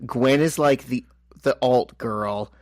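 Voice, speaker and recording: A man's voice: mid-range voice, slow pace, a little mellow, no echo. A man co-hosting a podcast, chatting casually about comics with wry, dry jokes. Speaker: podcast co-host.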